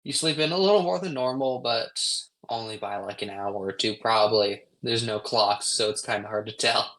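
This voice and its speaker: A man's voice: lowish voice, moderate pace, a bit bright, rough recording. A man narrating as game master for a tabletop game, loose and full of ums and uhs. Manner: loose, filler-heavy narration.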